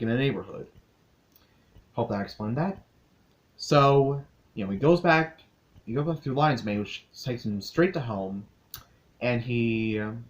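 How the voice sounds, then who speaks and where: Chatty young man reviewing a cartoon. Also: medium pitch. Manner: chatty, quick recap with asides. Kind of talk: casual video review.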